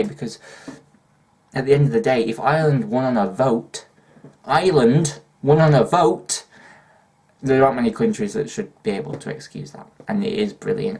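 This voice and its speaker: Hyper husky young northern English man. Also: lowish voice, a little mellow. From northern England. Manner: hyper, chatty, swears and laughs often. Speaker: YouTuber. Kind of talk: casual Q&A vlog.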